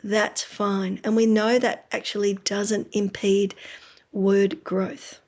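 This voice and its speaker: A woman's voice: medium pitch, little pitch movement, takes it slowly, darkish tone. A woman, a speech pathologist giving parents practical advice in a friendly, explaining way that often checks in with the listener. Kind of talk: instructional talk to parents.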